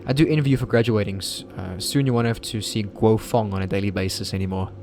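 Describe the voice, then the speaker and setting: A man voicing a gentle, friendly teenage schoolgirl in a video game, speaking softly and politely. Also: lowish voice, fast talker, noisy background, lightly acted.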